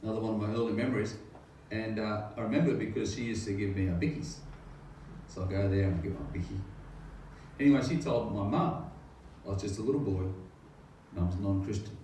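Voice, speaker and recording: A middle-aged pastor tells his testimony in an earnest, wandering way, often stopping to pose rhetorical questions. His voice sits low and mellow. It is picked up from a distance in a very echoey room with a faint hiss behind it. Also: fairly quick, long pauses. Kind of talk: personal faith testimony.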